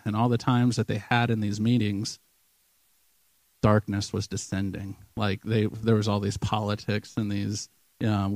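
A man's voice: fairly low pitch, darkish tone, no echo. A man giving an informal sermon testimony at church, earnest and conversational, with many ums and restarts. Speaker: church member sharing a vision.

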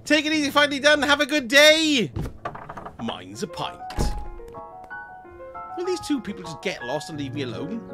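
A man's voice: very high voice, very animated, normal speed, long pauses, over music. A man giving cheeky, chatty commentary while playing a game on a live stream, swearing and laughing often. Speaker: gaming streamer. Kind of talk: casual let's-play commentary.

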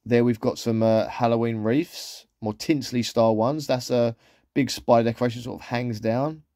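Male vlogger, easygoing and rambling, mellow voice, dry close sound. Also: medium pitch, fairly even intonation, normal speed, no room sound. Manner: chatty, rambling, with trailing asides. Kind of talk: casual shopping haul commentary.

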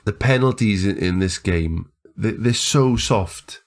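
A man commentating his own football management game, chatty and building to excited shouts at the screen. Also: fairly low pitch, unhurried. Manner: excitable, yelling at the screen during big moments. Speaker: gaming YouTuber.

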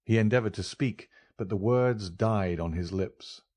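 A man reads a classic novel aloud in a low, even voice. The delivery is steady and unhurried. The recording is close and dry, with no room sound. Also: no echo. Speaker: audiobook narrator. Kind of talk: scripted narration.

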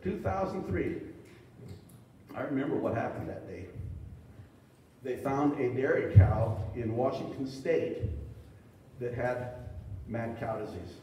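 A man's voice: fairly high pitch, warm tone, slight background noise. A middle-aged man giving a conference talk, telling folksy, joking anecdotes to a live audience. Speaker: beef industry speaker. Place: meeting hall. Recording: echoey hall from far off.

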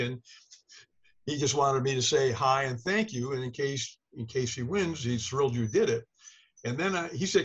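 A man's voice: mid-range voice, steady tone, moderate pace, slightly rough, muffled recording. An older man, an author being interviewed, telling a rambling, self-deprecating anecdote in casual talk, acting out the people he quotes. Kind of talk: casual storytelling.

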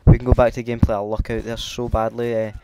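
Scottish man, casual game commentary, hesitant, loud gunfire behind. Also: mid-range voice, flat delivery, fast talker, heavy background noise. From Scotland. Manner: hesitant, lots of filler ums. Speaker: gameplay commentator.

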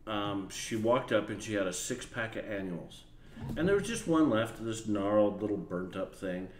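A man's voice: fairly low pitch, normal speed. A man casually telling a work story to camera, acting out the people in it. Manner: animated storyteller, acts out other people's voices. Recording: echoey room with faint background noise.

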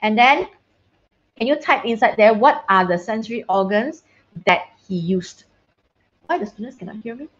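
A woman's voice: fairly high pitch, animated, normal speed, long pauses, dull audio. A woman teacher giving an online science lesson on a video call, chatty and casual, often checking that her students can hear her and slipping in short Mandarin phrases. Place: online class.

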